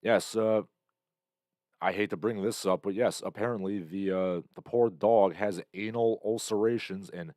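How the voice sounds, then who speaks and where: This livestream host, a man seemingly in his thirties, has a very low, darkish voice with fairly even intonation and an unhurried pace. He rambles bluntly through his own stream, full of fillers, responding to chat comments as they appear. The audio is close and dry, with no echo or room sound.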